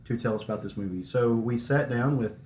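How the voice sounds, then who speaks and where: A man's voice: medium pitch, brisk, darkish tone, slight background noise. A man hosting a podcast, chatting casually and upbeat, recording live at a comic convention. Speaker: podcast host. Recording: roomy echo.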